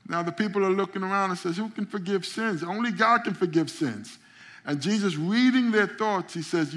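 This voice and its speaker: A man preaching a sermon with a somewhat higher-pitched voice. He builds to emphatic, rising peaks and calls out to his congregation. He often trips over repeated words as he goes. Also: normal speed, a bit bright. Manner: frequent stammered repeats. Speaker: pastor.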